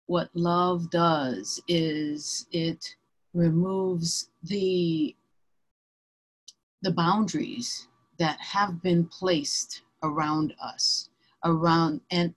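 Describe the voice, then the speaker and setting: A woman spiritual teacher explaining her ideas in a calm, meditative way during a reflective conversation. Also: lowish voice.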